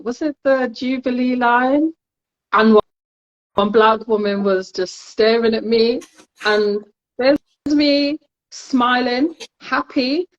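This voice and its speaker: A woman's voice: a little high, lo-fi sound. A woman from Nottingham with a Nottingham accent, telling stories in a casual chat, laughing often. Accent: Nottingham English. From Nottingham, England. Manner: chatty storyteller, laughs often. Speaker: podcast co-host.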